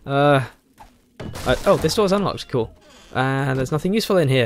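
Hoarse, lively male game commentator. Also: medium pitch, normal speed, long pauses. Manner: animated, thinking aloud, chuckling. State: hoarse, frog in throat. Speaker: game streamer. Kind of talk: casual let's play commentary.

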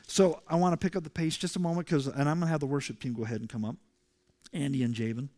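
A male pastor preaching a sermon to his congregation, emphatic and rising loud when he reads scripture. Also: fairly high pitch, steady tone, fast talker. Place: church sanctuary.

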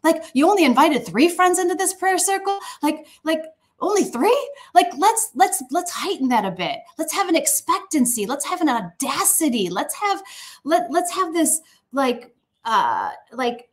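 A woman voicing an exuberant male divine figure who urges bold hope, speaking in a high, coaxing, playfully incredulous way during a sermon. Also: very animated, slow pace, fairly bright tone, full character voice. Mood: incredulous urging. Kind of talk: sermon with acted quotes.

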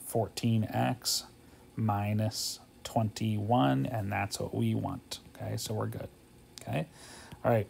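A man's voice: lowish voice, fairly even intonation, slow, vocal fry, darkish tone, slight background noise. A man teaching a math homework walkthrough, thinking aloud in a casual way, tired and yawning, often checking in with "okay?".

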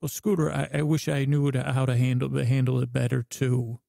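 A man voicing an apologetic male ship computer that pauses while processing and speaks gently. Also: mid-range voice, flat delivery, vocal fry, no room sound, studio quality, close to an everyday voice. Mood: consoling. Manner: hesitant, slow-processing, soothing.

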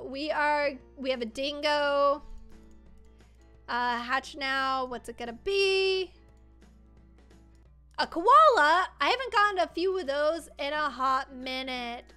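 Brief: young female gaming YouTuber, excitable casual chatter, high bright voice, light music underneath. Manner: excitable, squealing over pulls.

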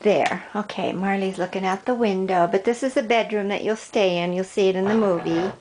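A woman's voice: medium pitch, fairly quick, noisy background. An older woman, a grandmother, chatting on the phone in a casual home video while coaxing her dog in a sing-song voice. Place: indoors at home, house rooms.

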